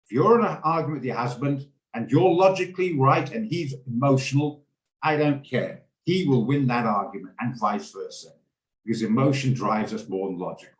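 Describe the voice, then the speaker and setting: A man's voice: mid-range voice, normal speed. Rambling, emotional man on an echoey call. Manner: emotional, rambling, rants and laughs. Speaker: trading room host. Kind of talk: casual talk on a video call. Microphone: video call. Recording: echoey room on a video call.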